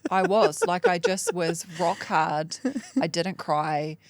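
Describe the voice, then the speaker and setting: A woman talks openly about herself in a podcast coaching chat, blunt and self-mocking, with casual swearing and frequent laughter. Her voice sits a little low and has a gravelly fry. The sound is close and dry. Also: slow, no room sound. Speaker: coaching client, mom and entrepreneur. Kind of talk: candid podcast coaching conversation.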